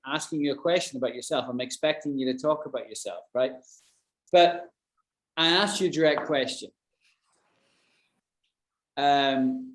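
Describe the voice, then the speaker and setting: A man's voice: fairly high pitch, echoey room. A man with a British accent, teaching an online English lesson in a chatty way, explaining with examples and checking that his students follow. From Britain.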